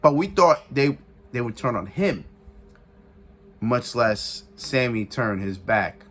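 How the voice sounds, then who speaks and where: A man giving a casual, excitable recap of a wrestling event, repeating phrases for emphasis and laughing often. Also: mid-range voice, slow pace. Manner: excitable, retells with shouted quotes and sound effects. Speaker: wrestling reviewer.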